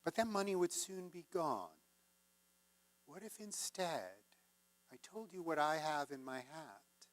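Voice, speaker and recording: A man doing a smooth-talking stranger. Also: fairly high pitch, animated, slow, long pauses, no echo. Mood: coaxing. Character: strange flamboyant male traveler, smooth-talking.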